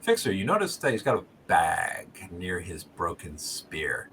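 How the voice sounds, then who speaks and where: A man's voice: low voice, wildly swooping pitch, measured pace, fairly bright tone, slight background noise. A man running a tabletop game as game master, describing scenes and explaining rules.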